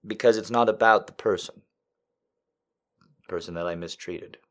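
A man hosting a live podcast, telling a story to his chat, dropping from hushed whispers to loud, profane, teasing jokes. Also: lowish voice, moderate pace. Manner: swings from hushed whispers to loud crude joking. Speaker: livestream podcast host.

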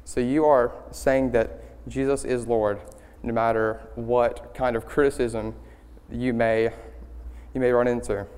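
A young man giving a student-led sermon, earnest and halting, with many ums and restarts. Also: medium pitch, little pitch movement, a little mellow, smooth. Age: young adult. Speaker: student speaker leading worship. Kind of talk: church sermon. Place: church sanctuary. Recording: hall reverb in a church.

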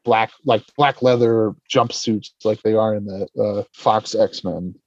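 A man's voice: on the low side, fairly even intonation, unhurried, no echo. Man, casual podcast chat, rambling, dry dull mic. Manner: rambling, restarts mid-sentence. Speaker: podcast co-host.

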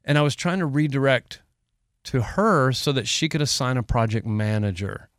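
A man co-hosting a casual podcast, winding through a long personal story with emotion and easy laughter. His mid-pitched voice is smooth and resonant, recorded close and dry. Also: normal speed, no echo. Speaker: podcast co-host. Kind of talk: casual chat.

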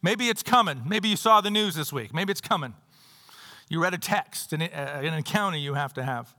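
A man's voice: on the high side, animated, normal speed, sharp tone. A male pastor preaching a sermon in a church. He talks conversationally, reads scripture aloud, and adds playful asides. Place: church sanctuary. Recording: long hall reverb.

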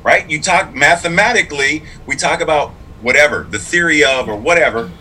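A man's voice: on the high side, fairly quick, sharp tone, a little hiss or hum, low-quality recording. A man who is both clergy and a public school teacher, speaking in a casual interview in an earnest, reflective and emphatic way.

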